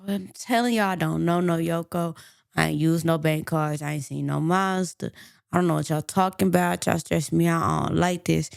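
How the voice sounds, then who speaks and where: A woman's voice: low voice, normal speed, creaky, smooth, dry recording, studio quality. A woman voicing a stressed woman suspect who keeps denying everything and complaining that she is tired and upset. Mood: defensive. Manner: defensive, complaining.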